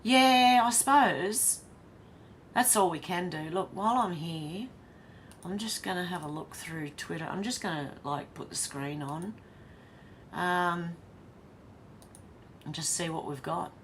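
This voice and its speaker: Aussie woman reading chat on her live stream, blunt, laughs a lot, bit of a low voice. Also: a little slow, pauses often, slight background noise. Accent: Australian. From Australia. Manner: chatty, laughs often, blunt and swears.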